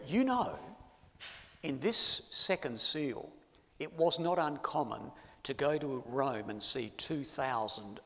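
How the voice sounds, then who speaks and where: A man preaching a sermon to his congregation, swinging from loud emphasis to hushed asides. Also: mid-range voice. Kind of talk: sermon on Bible prophecy. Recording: long hall reverb.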